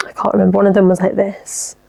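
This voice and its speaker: Her voice sits at medium pitch, delivered quickly and in a monotone, with a gravelly, somewhat dark quality. She's a young woman running a solo podcast, giggling and chatting loosely while responding to listener messages.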